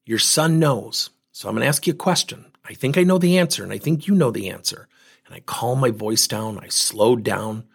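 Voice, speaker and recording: Emphatic, husky man in his fifties. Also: mid-range voice, moderate pace. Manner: emphatic, animated storytelling. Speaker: speaker and coach. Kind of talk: motivational talk.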